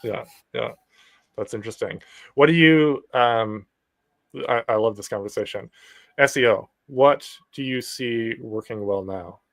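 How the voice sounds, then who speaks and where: A man's voice: medium pitch, a little slow, a bit bright, no room sound. A man hosting an interview podcast, answering with short, encouraging remarks before asking his next question. His voice sounds dry, with no room around it. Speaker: podcast host. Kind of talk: casual chat.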